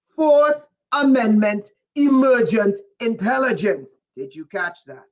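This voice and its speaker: A livestream host reading viewer chat, who gets excited and raises their voice, often breaking off with "whoa" and asking listeners whether they follow. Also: mid-range voice, slow. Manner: breaks off with repeated "whoa" and "wait". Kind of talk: casual livestream talk to viewers.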